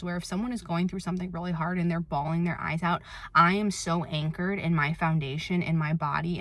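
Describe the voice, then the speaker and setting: A young woman vlogging in a candid, reflective way, with many filler words. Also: lowish voice. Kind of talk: personal confessional vlog.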